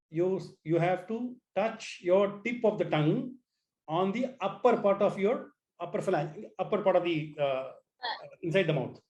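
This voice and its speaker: A man teaches an online class, his voice sitting a little high. He restarts phrases often and coaxes his students to repeat the sounds after him. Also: a little mellow, muffled recording. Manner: repeats words, asks students to try sounds.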